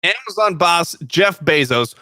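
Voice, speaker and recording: A young man with a bright, forceful voice cohosts a casual show, cracking jokes and laughing as he goes. He tends to trip over his words. The sound is close and dry. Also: on the high side, animated, measured pace, no room sound. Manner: joking, laughs often, stumbles over words. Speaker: co-host. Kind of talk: casual chat.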